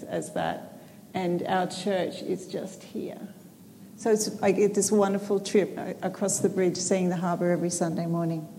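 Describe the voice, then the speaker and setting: A woman's voice: mid-range voice, warm tone, slight background noise. A middle-aged Australian woman giving an earnest, friendly seminar talk, with some hesitant fillers. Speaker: seminar speaker. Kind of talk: Christian seminar lecture. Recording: long hall reverb, faint ambience.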